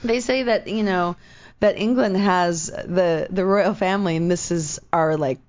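A woman co-hosting a radio show in casual chat, hoarse and raspy today, talking freely with lots of "like". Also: fairly low pitch, darkish tone, dull audio. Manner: chatty, lots of "like", quick asides.

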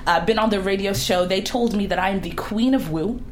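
A woman's voice: medium pitch, fairly quick, slight background noise. A woman guest on a radio talk show, telling her life story in an upbeat, laughing way. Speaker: guest, music label owner. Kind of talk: interview conversation.

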